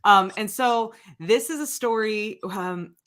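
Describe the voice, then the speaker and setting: A woman's voice: medium pitch, slow, a bit bright. Giggly, chatty woman hosting a livestream. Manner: giggly, chatty, lots of fillers. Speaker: livestream host. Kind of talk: casual livestream chat.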